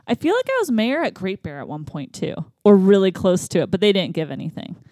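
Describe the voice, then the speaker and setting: A woman co-hosts a podcast in casual, playful chat, teasing as she goes. Her mid-range voice is warm and sing-song and moves fairly quickly. The recording is dry with clean studio sound.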